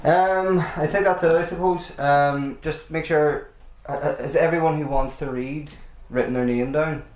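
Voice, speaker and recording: A man's voice: on the high side, steady tone, moderate pace, few pauses, darkish tone, a little hiss or hum. A man hosting a live poetry night in a bar, hesitant and apologetic, with lots of ums. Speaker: event host. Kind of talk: casual live introduction. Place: bar function room. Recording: echoey live room with crowd chatter.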